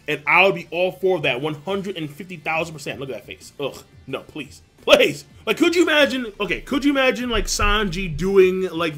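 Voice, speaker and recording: A young man hosting a live manga reaction, reading panels aloud and reacting with crude jokes and loud exclamations. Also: on the high side.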